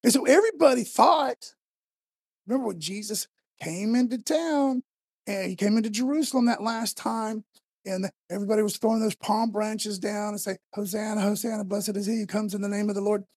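Gravelly, husky-voiced man preaching a casual sermon. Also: high-pitched, brisk, no echo. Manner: conversational, emphatic, voice rising to shouts when quoting Moses.

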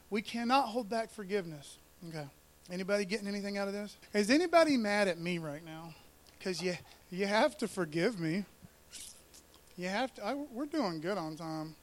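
A man with a high-pitched voice preaches in a relaxed, conversational way. He peppers the scripture reading with slang, jokes and asides to the people in front of him. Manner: animated, joking asides, slangy. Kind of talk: casual conversational sermon.

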